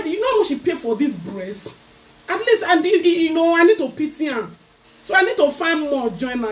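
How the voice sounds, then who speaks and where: Nigerian lady going off on her haters, mocky and loud, voice all over the place, kinda far from the mic. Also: sits high, sing-song, normal speed, a little hiss or hum. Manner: loud, mocking, switching into Pidgin. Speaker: vlogger. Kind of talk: ranting to camera.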